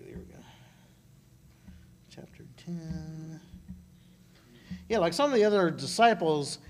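A man giving an informal sermon at a church service, talking in a halting way with frequent restarts. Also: high-pitched. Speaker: church speaker. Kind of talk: conversational sermon. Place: church service, live broadcast.

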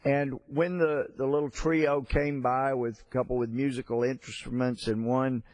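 Slow-talking congressman, dry close mic, rambling anecdote. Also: medium pitch, flat delivery, a little mellow, no room sound. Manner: storytelling, halting with fillers and restarts. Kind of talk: floor speech with anecdote.

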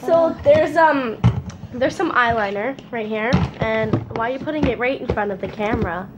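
A woman's voice: a little high, moderate pace, muffled recording. A young woman vlogger chatting casually through a challenge video, giggling often. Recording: noisy home recording.

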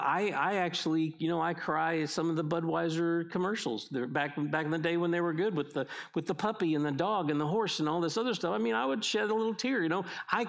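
A man's voice: fairly high pitch, gravelly. Man preaching a conversational sermon. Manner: conversational preaching with frequent restarts. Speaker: pastor.

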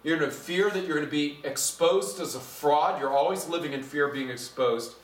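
Middle-aged guy pastor, kinda high voice, chatty animated sermon, sounds far off in a big echoey church. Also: fairly quick. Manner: conversational, animated, gets louder when preaching. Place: church sanctuary.

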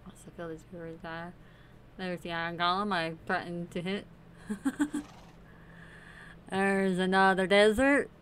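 A woman's voice: lowish voice, steady tone, measured pace, pauses often, fairly bright tone, a little hiss or hum. A woman host casually commenting on her Minecraft play, chatty and playful, talking to the game's characters. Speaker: gaming channel host.

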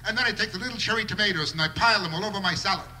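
A man's voice: high-pitched, rapid-fire, bright, forceful tone. A man doing a live stand-up routine with a wry observational delivery and bursts of mock outrage. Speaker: stand-up comedian.

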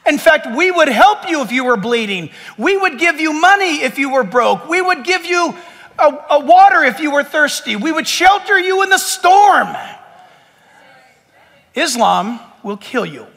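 Male pastor, high and lively, bright tone, echoing church hall. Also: a little slow. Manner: preaching with animated, rising emphasis. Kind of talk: sermon.

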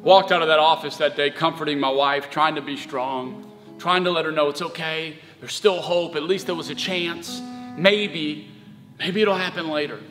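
A man's voice: on the high side, fairly even intonation, moderate pace. A young man preaching a sermon as pastor, telling a personal story in an earnest, heartfelt way. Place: church sanctuary. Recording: reverberant church hall with soft music.

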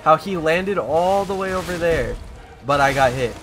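A young gamer talks through a hard boss fight in loose, slangy commentary. He is excitable and swears freely, and his voice sits a little high for a man. Clear game music plays behind him. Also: moderate pace. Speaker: gaming streamer. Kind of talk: gameplay commentary.

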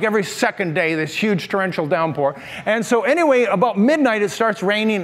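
An older man preaching a sermon, telling stories in an animated way and putting questions to the congregation. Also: high-pitched. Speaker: pastor. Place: large church sanctuary. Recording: long reverb of a large hall.

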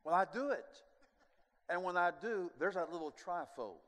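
An older man preaching a sermon, telling a personal testimony as an animated storyteller who swings from hushed to loud with chuckling asides. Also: high voice, normal speed. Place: large church sanctuary. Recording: long reverb of a large sanctuary.

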